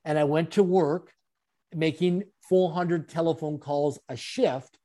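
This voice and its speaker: A man, an interview guest and speaker, telling his story in an animated way with frequent chuckles. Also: on the high side, unhurried. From Canada.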